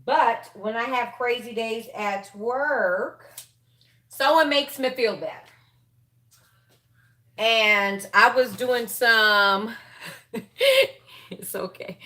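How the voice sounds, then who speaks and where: A woman's voice: on the high side, extremely slow, long pauses, sharp tone. A woman hosting a sewing livestream from home, chatting casually with viewers and laughing often. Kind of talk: casual chat while sewing.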